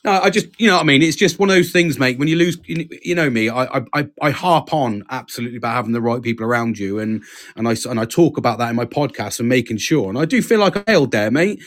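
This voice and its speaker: A man hosting a podcast, talking earnestly in a halting, casual way and swearing freely. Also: mid-range voice, expressive, a bit bright. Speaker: podcast host. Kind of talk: casual chat.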